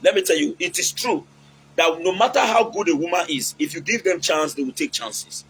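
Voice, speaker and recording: A man's voice: fairly high pitch, a little fast, fairly bright tone, slight background noise, poor audio. A man with a Nigerian accent giving casual, preachy relationship advice, mixing in Pidgin and acting out quotes.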